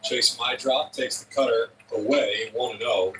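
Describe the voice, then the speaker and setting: A man calling a baseball game as play-by-play announcer, reading off stats in a steady delivery. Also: medium pitch, unhurried, distant mic, slight background noise, poor audio. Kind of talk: baseball commentary.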